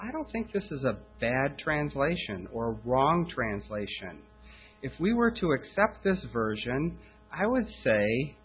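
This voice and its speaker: A man giving a measured, explanatory sermon talk on a Bible passage, pausing and correcting himself as he goes. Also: mid-range voice. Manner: measured, explanatory, with fillers and restarts. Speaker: Bible teacher. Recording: phone-like lo-fi with mains hum and faint music.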